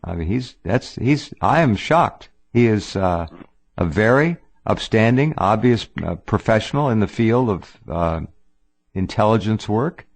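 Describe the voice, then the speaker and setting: A man's voice: lowish voice, expressive, unhurried. A man hosting a talk radio show who reacts in an emphatic, enthusiastic way. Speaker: radio host.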